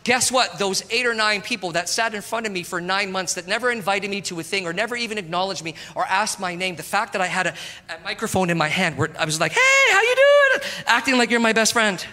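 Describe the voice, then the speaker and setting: A man preaching a sermon as pastor, animated and calling out to the congregation. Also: high voice, quick pace. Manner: animated, talks to the congregation, calls out "come on". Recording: long hall reverb.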